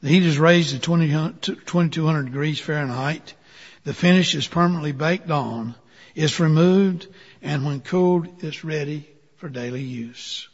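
A man telling a parable in a sermon, slow and deliberate. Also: on the high side, breathy edge. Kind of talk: sermon storytelling. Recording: dull sound with long hall reverb.

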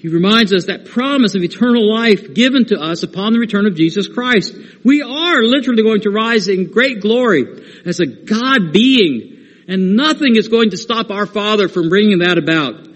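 A man's voice: sits high, animated, normal speed, fairly bright tone, in a large hall. A man preaching a sermon, earnest and rising to emphatic stress when he quotes scripture.

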